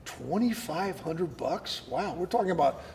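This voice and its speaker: A man talks as an actor guest in an interview, telling animated stories. His voice sits high and has a gravelly edge. He often repeats words as he starts a sentence, and a long reverb trails behind him. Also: a little slow. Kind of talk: casual interview chat.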